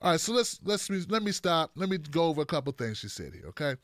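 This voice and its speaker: A man hosting a political commentary show, talking in a blunt, animated, joking way with frequent restarts. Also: fairly high pitch, fast, no room sound, studio quality.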